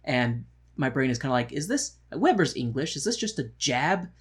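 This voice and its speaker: A man's voice: medium pitch, big pitch swings, moderate pace, husky. A man co-hosting a podcast, chatting casually and joking with sarcastic asides and frequent laughs. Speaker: podcast co-host. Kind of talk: casual chat reacting to a musical.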